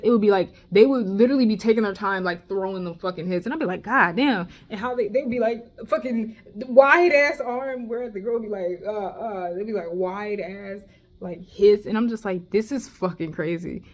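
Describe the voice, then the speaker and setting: A young adult woman telling a casual storytime vlog, gossiping in a profane, expressive way with slangy asides. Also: mid-range voice, a little fast, few pauses. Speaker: vlogger.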